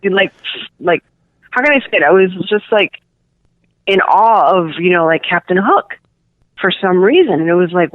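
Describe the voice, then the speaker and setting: Her voice is lowish with lively intonation, moving at a moderate pace with long pauses. This middle-aged woman, who has a Cuban New Yorker accent, rambles through a casual interview as a guest author, filling it with fillers. The recording is dry and comes through a tinny phone line.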